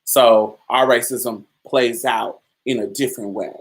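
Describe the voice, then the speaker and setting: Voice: mid-range voice, fairly even intonation, measured pace, low-quality recording. A podcast host talking in a candid, colloquial storytelling manner in a casual monologue, responding to chat comments.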